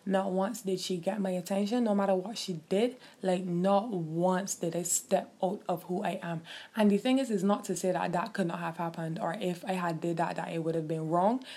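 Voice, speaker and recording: A young woman, telling a personal story in a casual, animated and profane way. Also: fairly low pitch, husky. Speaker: vlogger.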